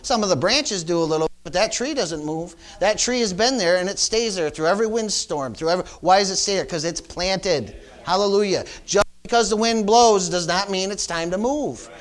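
A pastor preaching to his congregation in a fairly high voice, a man who breaks his points with call-outs like amen and praise the Lord. His delivery climbs in emphasis and then drops back as he repeats key words. He sounds middle-aged. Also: normal speed, hardly any pauses. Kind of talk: sermon.

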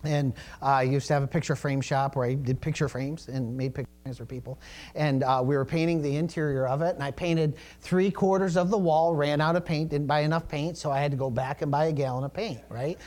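Middle-aged male pastor, relaxed storytelling preacher, voice a touch high. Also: brisk. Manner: conversational storytelling preaching with asides. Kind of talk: sermon.

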